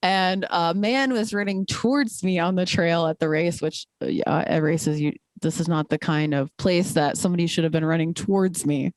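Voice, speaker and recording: A woman's voice: lowish voice, fairly even intonation, moderate pace, few pauses, no echo. Candid, emphatic woman, dry sound. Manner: candid and emphatic, many fillers. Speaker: guest, trail ultrarunner. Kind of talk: casual interview chat.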